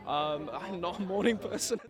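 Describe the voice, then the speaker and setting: A man's voice: sits high, normal speed. A man at an outdoor red carpet premiere, rambling and giggly, poking fun at himself. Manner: giggly, rambling, self-deprecating. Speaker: cast member. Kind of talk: casual red carpet chat. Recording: loud crowd behind.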